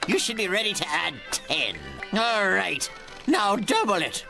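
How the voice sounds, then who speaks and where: An actor playing a male bony puzzle character on a children's TV show, posing a number riddle in a gravelly, slow, sing-song voice, with loud music behind. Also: medium pitch, expressive. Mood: teasing.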